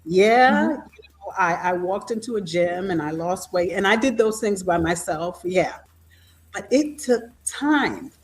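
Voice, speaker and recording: A woman's voice: fairly low pitch, lively intonation, unhurried. Woman guest on a video call, earnest, thoughtful, sharing her own story. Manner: earnest and reflective. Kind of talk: personal testimony in an interview.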